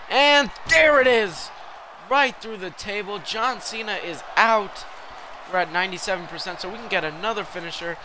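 A bright, forceful young man calls out his own gameplay in an excitable, reactive way. His voice sits a little high, and faint background noise hums behind it. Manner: excitable, reacts loudly to the game. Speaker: game streamer. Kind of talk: live gameplay commentary.

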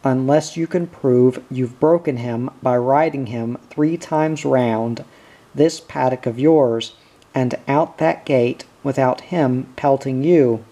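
A man's voice: mid-range voice, slow pace, mellow. A man reading the lines of a blustering, growling cattle boss in a storybook reading. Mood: gruff. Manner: growling, snappish, bossy.

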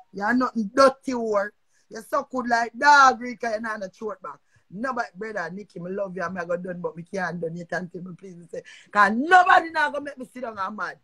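Pitched on the high side, this woman's voice sounds pushed and bright. She is an older social media personality with a Jamaican accent, cursing and circling back over the same points as she confronts someone in a heated live-stream rant.

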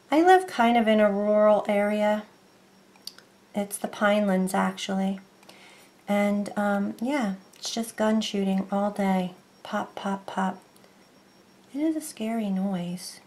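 A woman's voice: mid-range voice, a little mellow. A woman talks her way through a crafting tutorial at home. Her chat is loose and rambling, full of restarts and asides. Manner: rambling, chatty, self-interrupting. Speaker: craft vlogger.

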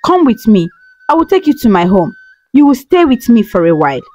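A woman's voice: a little high, sing-song, brisk, dark tone, faint music behind. A woman voicing a kind village woman with a strong, fierce voice who protects a child. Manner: strong, firm, then kind.

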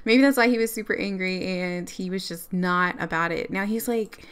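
A woman doing let's play commentary on a life-sim game, excitable and quick to exclaim and laugh. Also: on the low side, clear, resonant tone. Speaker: gamer.

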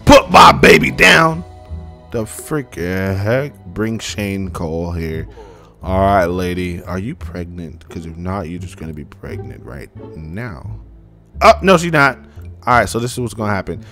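A young man hosting a gaming channel, giving excitable, casual let's-play commentary and talking straight to his viewers. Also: sits low, unhurried, faint music behind. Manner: excitable, animated, talks to viewers as "y'all".

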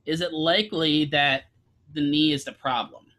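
A man's voice: on the high side, steady tone, normal speed, sharp tone. A man teaching a physical therapy class, lecturing casually, quizzing students and throwing in jokes. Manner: asks students questions, casual joking asides.

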